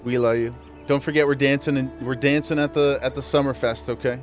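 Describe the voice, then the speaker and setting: A man's voice: medium pitch, steady tone, fairly quick, soft background music. Playful man chatting on a game stream. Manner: playful, laughs often, talks straight to chat. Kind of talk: casual live-stream chat while gaming.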